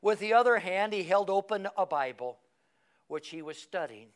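A man's voice: sits high, animated, moderate pace. A man preaching a sermon, reading a story aloud and building to emphatic, fervent climaxes.

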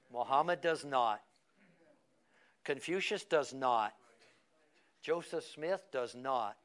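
A man's voice: mid-range voice, animated, slow, pauses often, smooth. A man preaching a sermon, reading a story aloud and building to emphatic, fervent climaxes.

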